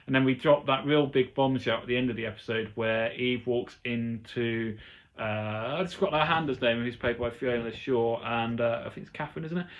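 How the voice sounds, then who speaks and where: A man's voice: medium pitch, normal speed, dull audio. A man hosting his own podcast, giving a chatty, rambling, enthusiastic review of a TV episode. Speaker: podcast host. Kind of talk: casual solo TV review.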